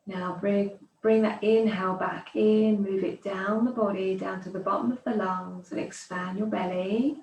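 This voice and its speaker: A woman teaching yoga, guiding slow breathing with calm, soothing counting cues. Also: medium pitch. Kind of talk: guided breathing instruction. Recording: echoey room, distant mic.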